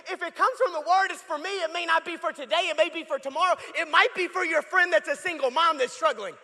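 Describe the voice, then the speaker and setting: A man's voice: very high voice, fast talker, hardly any pauses, bright, forceful tone. A man preaching a sermon as a guest pastor in a church, joking with the crowd in a conversational way. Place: church sanctuary. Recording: long reverb of a large church hall.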